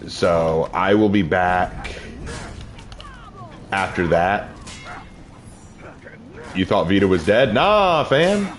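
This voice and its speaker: Deep-ish, weary Southern-born man, rambling casual stream chat. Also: steady tone, slow pace, long pauses, slight background noise. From Southern United States. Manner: low-key, rambling. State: tired. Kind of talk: casual live-stream chat while gaming.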